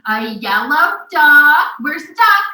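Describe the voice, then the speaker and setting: Woman, high and lively, reading aloud to a small child, encouraging, slow sing-song, roomy off-mic sound. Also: far from the mic. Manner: animated and encouraging, with playful animal sounds. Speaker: adult reading a picture book aloud to a young child. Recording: echoey room, voice off-mic.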